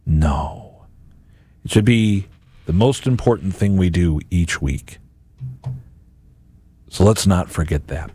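A man's voice: low-pitched, animated, a little slow, pauses often, dark tone, husky, faint music behind. A middle-aged man, a radio and podcast host, giving a Catholic reflection on Scripture and acting out imagined voices in quotes.

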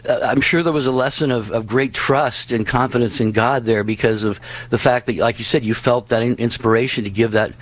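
A male co-host with an ordinary, mid-pitched voice. He sums up the guest's story thoughtfully and warmly affirms it, filling his pauses with "you know". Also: steady tone, poor audio. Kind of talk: radio talk show interview.

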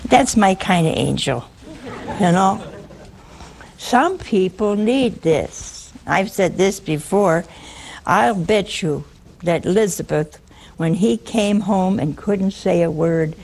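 A woman's voice: medium pitch, animated, slow, gravelly, a little mellow. A woman preaching a conversational sermon, teasing and humorous, often asking listeners questions.

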